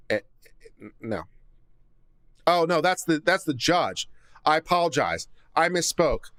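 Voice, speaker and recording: A man's voice: a little high, lively intonation, measured pace, long pauses, a bit bright, smooth, dry recording. Sarcastic man reading court filings. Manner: sarcastic, reads documents aloud then mocks them. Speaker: legal commentator. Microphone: studio condenser mic.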